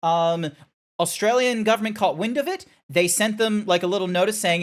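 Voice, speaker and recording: A man streaming live, chatting casually with viewers in a rambling, sidetracking way, swearing and filling pauses with nonsense sounds. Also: sits high, animated. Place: Australia.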